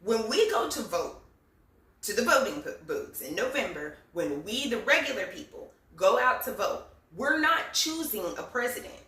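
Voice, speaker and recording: A woman's voice: mid-range voice, big pitch swings, moderate pace, a bit bright, distant mic. A woman giving casual, profane commentary, sarcastic and repeating lines for emphasis. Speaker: political commentary vlogger. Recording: echoey room, voice somewhat off mic.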